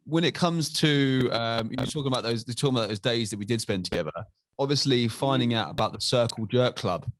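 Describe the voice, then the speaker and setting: A man's voice: medium pitch, a little fast, no room sound. A man hosting a podcast, playful and laughing a lot as he chats. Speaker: podcast host. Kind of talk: casual chat.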